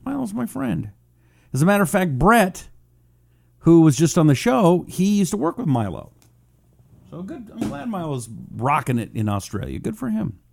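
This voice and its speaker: A man's voice: sits high, sing-song, moderate pace, creaky, darkish tone. A man hosting a political talk radio show, rambling casually, joking at his own expense and reading listener comments aloud.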